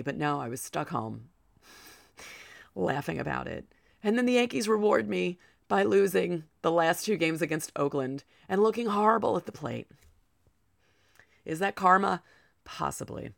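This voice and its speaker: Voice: mid-range voice, expressive, measured pace, gravelly, pauses often, dry recording, clean studio sound. A podcast host talking through a solo sports show, out of breath and chatty, with personal asides.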